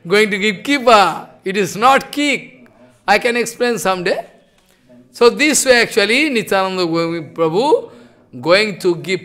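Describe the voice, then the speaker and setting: A man, telling a devotional story in a sermon with animated, broken phrasing. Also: sits high. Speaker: preacher.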